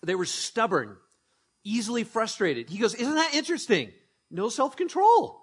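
A man preaching a sermon as pastor, conversational and joking, telling animated stories. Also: very high voice, moderate pace, husky.

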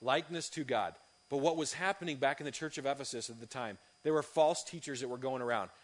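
A man, a youth pastor, giving a sermon full of lively, funny personal stories. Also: mid-range voice, fast talker. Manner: lively storytelling, animated and humorous.

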